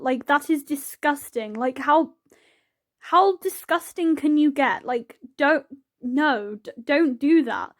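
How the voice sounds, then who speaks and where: High-voiced chatty woman. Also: slow. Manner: chatty, rambling, giggly rant with many "like"s. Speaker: YouTuber narrating a game build. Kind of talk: casual voice-over chat over gameplay.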